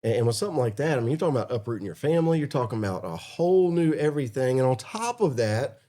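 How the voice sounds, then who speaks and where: A man's voice: medium pitch, sing-song, rapid-fire, dark tone. A man hosting a podcast who asks his guest questions and adds reflective comments in casual conversation. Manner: encouraging interviewer, reflective asides. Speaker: podcast host. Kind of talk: casual interview.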